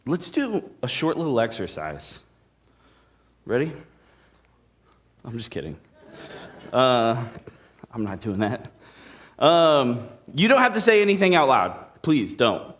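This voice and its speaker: A man's voice: mid-range voice, very animated, takes it slowly, long pauses, fairly bright tone. A male pastor preaching a sermon in a conversational way, with playful asides to the congregation. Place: church sanctuary.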